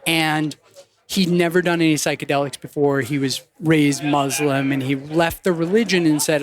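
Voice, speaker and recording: Man, podcast guest, fairly high voice, casual anecdotes with quoted voices. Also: normal speed. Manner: animated anecdotes, acts out quoted people. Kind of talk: casual storytelling in conversation.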